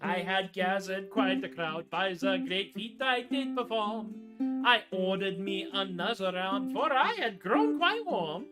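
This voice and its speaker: A woman's voice: medium pitch, animated, measured pace, lightly acted. Bavarian-accented tavern balladeer, boastful and rowdy, half-sung over guitar, put on by a woman. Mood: swaggering.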